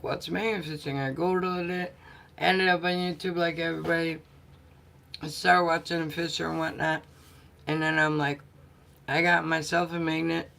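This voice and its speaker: A woman vlogger chatting casually with her viewers and telling stories, often clearing her throat and laughing softly. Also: lowish voice. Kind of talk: casual live chat.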